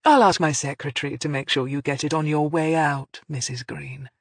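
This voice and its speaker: A prickly, clipped man, as an audiobook narrator puts him on, a touch higher than the narration. He answers sharply in a dry, close sound. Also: fairly even intonation, normal speed, no echo. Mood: smug.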